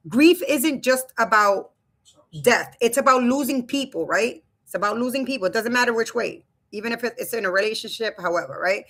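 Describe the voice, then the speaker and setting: Bright-voiced woman chatting to stream viewers. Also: a little high. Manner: chatty, loose, addresses viewers as "you guys". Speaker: live stream host. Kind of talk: casual live stream talk. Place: home room. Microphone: webcam.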